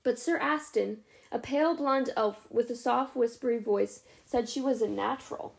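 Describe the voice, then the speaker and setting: A young woman reading a novel aloud as a podcast host, steady with the odd stumble and self-correction. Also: on the high side, normal speed, creaky. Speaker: audiobook reader, podcast host.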